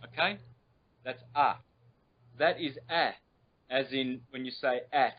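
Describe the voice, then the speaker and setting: A man speaking as a guest teacher on a call, explaining patiently and drawing out sounds as he demonstrates them. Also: mid-range voice. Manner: patient and instructive, drawn-out demonstrated vowel sounds. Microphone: video call. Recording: lo-fi internet call audio.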